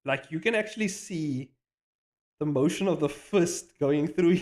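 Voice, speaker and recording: An animator streams his work live, chatting casually in a slightly high male voice at a somewhat slow pace. He's excitable and hypes himself up, swearing freely and rambling with restarts and slang.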